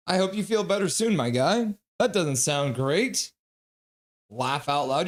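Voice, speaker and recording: Jokey stream host, slightly high voice. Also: male voice, expressive, normal speed. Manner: jokey, reads chat messages aloud and greets viewers. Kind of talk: casual live hockey watch-along chat.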